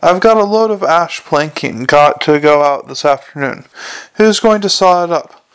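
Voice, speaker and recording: A man voicing a rough, anxious timber merchant who grumbles about his losses. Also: a little high, expressive, moderate pace, natural voice. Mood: aggrieved. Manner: grumbling, aggrieved.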